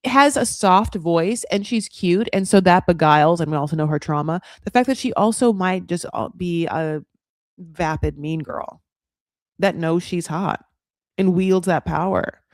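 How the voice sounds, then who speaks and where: A woman's voice: on the low side, unhurried, no room sound, clean studio sound. A woman hosting a reality-TV recap who talks in candid, profane, gossipy casual commentary, filled with "like".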